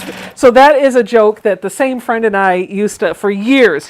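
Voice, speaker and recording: A chatty woman talks casually as she sews, often breaking into laughter and drifting into stories. Her voice sits at a middle pitch, and a sewing machine hums faintly behind her. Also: moderate pace, hardly any pauses, slight background noise. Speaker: sewing livestream host. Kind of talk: casual chat while sewing.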